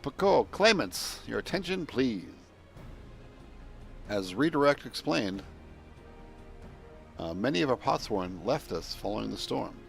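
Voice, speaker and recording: A man's voice: fairly low pitch, expressive, moderate pace, creaky, pauses often, faint music behind. A man voicing a small, formal male announcer while reading game dialogue aloud, in clipped, proclaiming phrasing.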